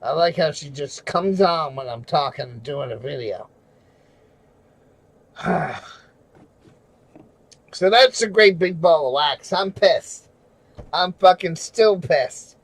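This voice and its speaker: A furious man ranting on a livestream, his voice pitched high for a man. He swears at nearly every turn and often breaks into shouting. The sound is dry and close, with almost no room in it. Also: animated, slow pace, long pauses, dry recording, rough recording. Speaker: livestreamer and auditor. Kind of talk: angry livestream rant.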